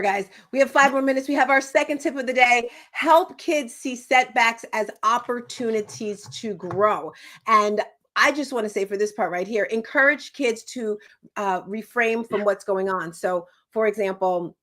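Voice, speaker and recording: A woman's voice: on the high side, moderate pace, a bit bright. Upbeat affirming woman host. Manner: enthusiastic, affirming, repeats "I love it". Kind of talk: hosting a wellness interview show.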